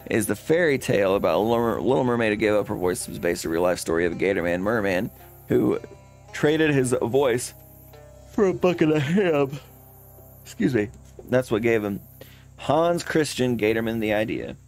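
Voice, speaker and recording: Over faint game music, a man with a mid-range, slightly mellow, everyday-sounding voice plays an odd, scheming leather hunter with a British accent. His intonation is lively and his pace moderate as he drawls rambling, folksy lines and calls people "mate."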